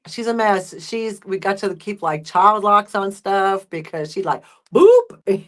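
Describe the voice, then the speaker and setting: Woman guest, casual, mid-pitched, spins anecdotes with little acted voices. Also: a little slow. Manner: chatty storyteller, acts out pets and people in hushed voices. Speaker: guest friend. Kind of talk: casual live chat.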